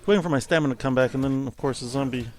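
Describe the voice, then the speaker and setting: A man's voice: medium pitch, rapid-fire, slight background noise. A man casually commenting on his own gameplay, thinking aloud and rambling with a self-amused tone. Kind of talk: casual let's-play commentary.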